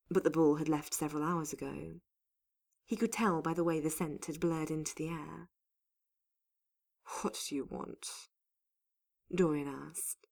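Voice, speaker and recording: Slow, gravelly woman storyteller. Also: low voice, darkish tone. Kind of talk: audiobook narration of fan fiction.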